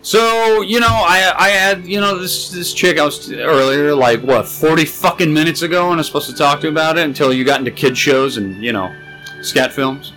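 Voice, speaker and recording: A man's voice: fairly high pitch, fairly quick, pushed and bright, soft background music, poor audio. A young man co-hosting a podcast, rambling crude jokes and stories in casual chat. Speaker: podcast co-host.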